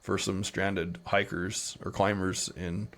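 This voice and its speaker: A middle-aged man with a Utah American accent, telling rambling anecdotes in a relaxed interview, slipping into playful quoted voices. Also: deep voice, slow. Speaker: podcast guest. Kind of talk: casual storytelling interview.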